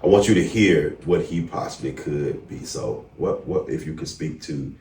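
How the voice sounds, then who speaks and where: A man with a very low voice hosts a heartfelt interview, talking in a casual, emphatic way and dropping to soft, careful questions. He sits away from the mic, so the sound is distant. The room rings with a lot of echo. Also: lively intonation, normal speed. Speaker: podcast host.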